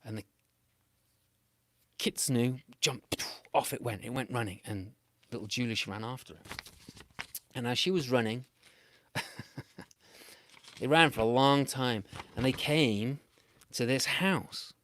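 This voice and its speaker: A man's voice: takes it slowly, long pauses. Playful British male storyteller. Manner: playful, animated, with big swings in pitch and loudness. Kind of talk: improvised children's storytelling.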